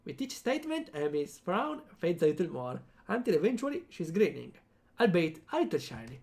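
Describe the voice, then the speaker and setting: A man's voice: a little high, very animated, a little fast, creaky, a little mellow, soft background music. Giggly man reading a visual novel. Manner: giggly, chatty asides. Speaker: streamer. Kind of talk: visual novel read-aloud.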